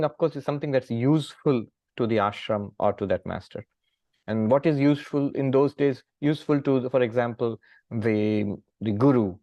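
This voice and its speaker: A middle-aged man from India, a monk calmly explaining scripture with gentle humor and frequent pauses. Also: mid-range voice, dry recording. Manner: calm, gently humorous teaching with many pauses. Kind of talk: scripture lecture.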